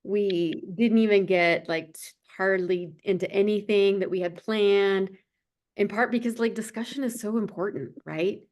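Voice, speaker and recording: A woman's voice: mid-range voice, normal speed, a little mellow. A woman hosting a webinar on a video call, wrapping up in a conversational way with fillers. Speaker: webinar host. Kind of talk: webinar wrap-up.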